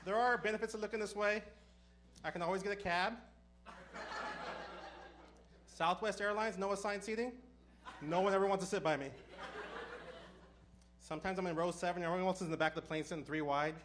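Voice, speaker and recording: A man doing a stand-up comedy set, telling stories with deadpan punchlines. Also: sits high, noisy background. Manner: deadpan punchlines, brisk storytelling.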